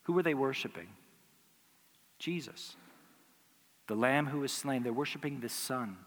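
A male pastor delivers a teaching sermon at a mid-range pitch. He poses rhetorical questions and briefly acts out the replies of imagined listeners. His voice carries a long reverb from a large church hall. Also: a little slow.

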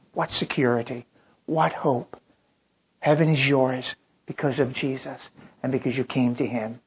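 A man's voice: mid-range voice, steady tone, a little slow, breathy edge. A man preaching a sermon as pastor, emphatic, building through rising rhetorical questions. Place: church. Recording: dull lo-fi recording.

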